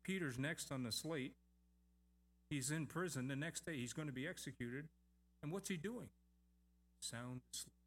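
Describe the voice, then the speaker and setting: Man preaching a lively sermon. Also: on the high side, moderate pace, long pauses. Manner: emphatic repetition, lively asides. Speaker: pastor.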